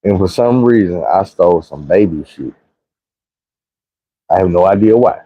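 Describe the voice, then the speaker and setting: A man's voice: sits low, animated, normal speed, husky, no echo, muffled recording. A young man with a Southern US accent telling a casual, slangy, profane storytime. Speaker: storyteller vlogger.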